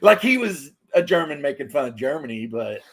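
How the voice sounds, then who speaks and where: A man's voice: fairly high pitch, a little fast, breathy edge. A man in casual chat as a podcast co-host, telling stories with lots of acted-out quotes and laughs. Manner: animated storytelling, acting out quotes with laughs.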